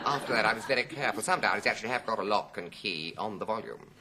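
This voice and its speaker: A man's voice: fairly low pitch, animated, fast talker, background noise. A man in his fifties telling anecdotes as a TV interview guest, theatrical and full of put-on voices. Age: 50s. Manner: theatrical, swooping, acts out quoted voices. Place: television studio.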